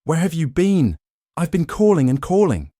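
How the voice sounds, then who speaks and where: A deep-voiced man voicing a scornful, panicky unfaithful young wife, shrill and pleading, then cold and cutting. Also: animated, normal speed, dark tone, no echo, clean studio sound. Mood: panicked.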